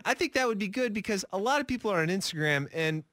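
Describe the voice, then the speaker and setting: Bright, sarcastic man on a radio show. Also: high-pitched, lively intonation, fast, dry recording, studio quality. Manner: opinionated, sarcastic, acts out quoted people. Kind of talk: casual chat.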